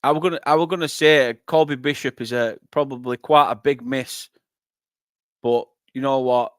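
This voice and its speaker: A young northern English man hosting a live football watchalong, chatting with viewers and breaking into excited play-by-play. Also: mid-range voice, normal speed, clear, resonant tone, no room sound, studio quality. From northern England. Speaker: fan channel host.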